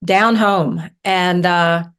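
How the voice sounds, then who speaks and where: A woman from southern Ohio, a guest on a podcast, telling stories in an animated, chatty way with many fillers. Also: on the low side, drawn-out words, clean tone. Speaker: herbalist guest. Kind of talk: casual storytelling interview.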